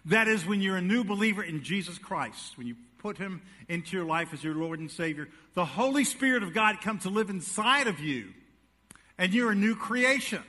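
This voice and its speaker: High, bright-voiced man preaching in an echoey hall. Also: lively intonation, fairly quick. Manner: folksy joke-telling, then emphatic preaching with audience questions. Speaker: pastor. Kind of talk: sermon. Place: church sanctuary.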